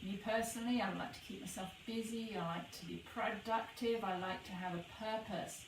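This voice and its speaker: Calm woman guiding a yoga pause. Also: mid-range voice. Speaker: yoga teacher. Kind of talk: guided yoga and breathing session. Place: indoor room, rain on the roof. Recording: roomy and slightly distant, faint background noise.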